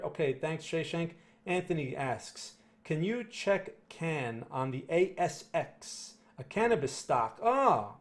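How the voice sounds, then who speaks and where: New Jersey male market commentator, pitched a touch high, blunt and emphatic, checks in with his viewers constantly. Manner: emphatic, blunt, repeats "right?" and "okay?". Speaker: market analyst answering viewer questions. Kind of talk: live-stream chart commentary.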